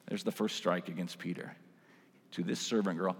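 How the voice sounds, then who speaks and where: A man's voice: deep voice, fairly even intonation, normal speed, big-room sound. A man preaching a sermon in a casual, conversational way, full of asides and "like"s. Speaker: pastor.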